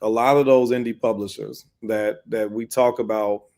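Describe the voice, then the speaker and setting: A man's voice: on the low side, fairly even intonation, moderate pace, creaky, a little mellow. Earnest man who owns a comic shop. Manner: earnest, repeats words while building a point. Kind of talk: casual panel chat.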